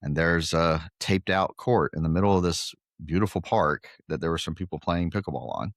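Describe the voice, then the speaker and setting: A man's voice: deep voice, normal speed, dry recording, studio quality. A middle-aged man from Guatemala, a podcast guest, telling jokey, self-deprecating stories in a casual chat. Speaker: podcast guest, pickleball club owner.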